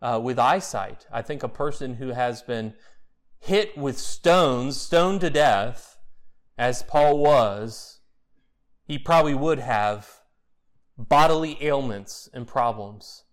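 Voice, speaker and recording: A man's voice: medium pitch, expressive, takes it slowly. A man preaching a sermon as pastor, building to emphatic peaks and asking repeated questions.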